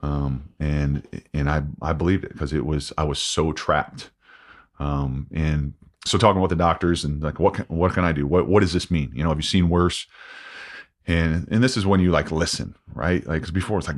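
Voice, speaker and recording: A man in his forties, a podcast guest, talking candidly and haltingly with many restarts and fillers. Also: a bass voice, steady tone. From United States. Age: 40s. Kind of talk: candid interview.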